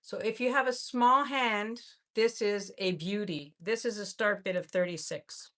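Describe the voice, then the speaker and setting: A woman hosts a live online jewelry sale in a casual, gushing way, often doubling up her words. Her voice is bright and forward. She takes her time and speaks at a slow pace. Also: medium pitch. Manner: chatty, effusive, repeats words. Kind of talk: casual live-stream selling.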